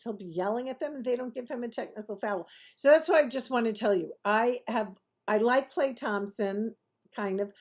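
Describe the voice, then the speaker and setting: A woman's voice: medium pitch, a little mellow. A woman hosting her own sports talk show, rambling casually through opinions with frequent asides. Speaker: host of a sports commentary show.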